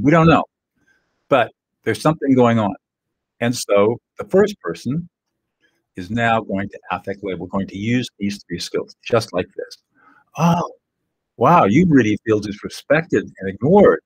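Husky older man teaching, dry sound. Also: lowish voice, no room sound, poor audio. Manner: earnest, plain-spoken, sure of himself. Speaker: presenter teaching emotional skills. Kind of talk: direct-to-camera teaching talk.

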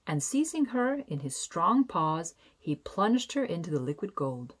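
A woman with a low, husky voice reads a fairy tale aloud as a bedtime story. She is gentle and expressive and slows down on key phrases.

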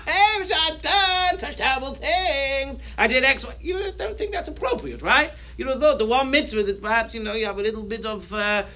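Bright, high-voiced rabbi teaching. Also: male voice. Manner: reads Hebrew sources aloud, then explains them in English; animated, acts out people's reactions. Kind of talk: Torah talk to a congregation.

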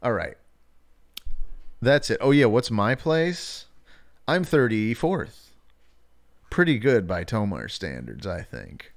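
Man, streamer, strained throat, self-mocking, gravelly, slow. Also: lowish voice, big pitch swings. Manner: reads viewer messages aloud in exaggerated put-on voices. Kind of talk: casual live-stream chat.

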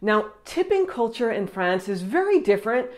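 A woman's voice: a little high, big pitch swings, normal speed. A woman giving casual, friendly tips in a travel vlog, dropping in short French phrases. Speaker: travel vlogger.

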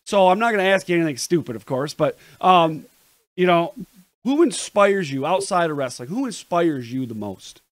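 An enthusiastic man hosts a casual interview, his voice sitting fairly high. He chats freely and answers with quick agreements. The sound is dry and close. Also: animated, dry recording. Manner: enthusiastic, chatty, gives short agreements. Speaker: interview host.

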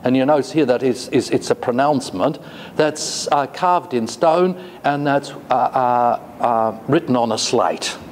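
A man giving a classroom lecture, talking slowly and hesitantly with many fillers and asides. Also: mid-range voice. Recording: long reverb, faint noise.

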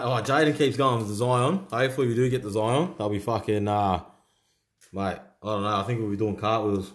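A young Australian man co-hosting a card-opening video, heckling his mate with crude banter and a "mate" on every line. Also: lowish voice. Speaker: card-break co-host. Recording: roomy echo.

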